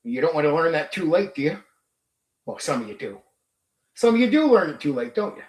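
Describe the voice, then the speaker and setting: A man's voice: a little high, big pitch swings, a little fast, a little mellow, reverberant. A man hosting a tabletop gaming stream, ranting bluntly and profanely at his chat. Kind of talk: livestream rant.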